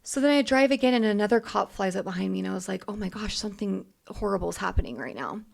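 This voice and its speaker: Woman, young adult, gravelly voice, halting, heartfelt, podcast co-host. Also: mid-range voice, expressive. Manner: halting, heartfelt, many restarts. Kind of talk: emotional personal storytelling.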